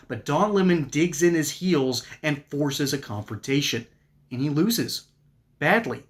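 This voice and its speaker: A man's voice: a little high, lively intonation, normal speed. A man giving sarcastic, mocking political commentary in an opinion monologue. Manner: reads ad copy.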